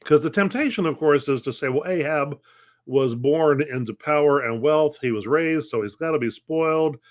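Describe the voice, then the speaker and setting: A man's voice: fairly high pitch, normal speed. A middle-aged man pastor teaching a conversational Bible lesson, posing questions and answering them, often restarting phrases. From United States.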